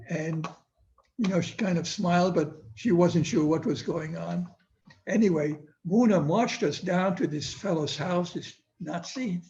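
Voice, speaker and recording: A man's voice: fairly high pitch, darkish tone. An older man, a Holocaust survivor, vividly telling his life story with small bursts of acted-out dialogue. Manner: vivid storytelling, acts out voices in quotes. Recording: dull lo-fi sound with faint noise.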